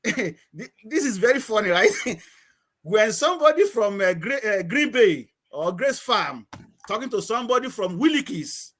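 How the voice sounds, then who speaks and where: Antiguan man, high-pitched, rambling anecdotal guest on a call. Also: lively intonation, normal speed, a bit bright. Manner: storytelling, repeats words, laughs often. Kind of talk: casual chat.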